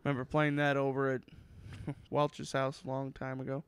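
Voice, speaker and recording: A young man co-hosting a casual gaming podcast, animated and swearing freely, now and then slipping into put-on voices. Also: medium pitch, moderate pace, clean tone, no room sound. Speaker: podcast co-host. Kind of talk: casual chat.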